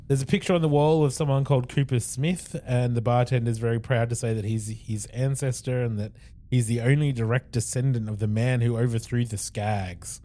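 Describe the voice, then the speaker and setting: A man's voice: mid-range voice, steady tone, a little fast, mellow. A man co-hosting a podcast, recapping an episode at length in casual chat and acting out quoted lines. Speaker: podcast co-host.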